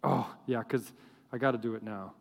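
A man preaching a sermon to a congregation, telling stories in an animated, joking way. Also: mid-range voice, moderate pace, gravelly. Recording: long hall reverb.

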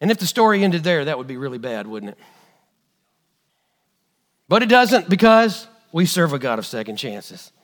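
A man preaching a sermon, telling a story with lively, acted-out quotes. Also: a little high, normal speed, pauses often. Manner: animated storytelling, acting out quotes.

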